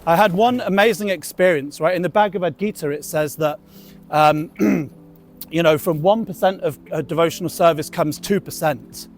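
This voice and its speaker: High-voiced cheerful monk greeting passers-by. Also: male voice, moderate pace, soft background music. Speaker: temple monk and street book distributor. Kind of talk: street outreach and anecdotes.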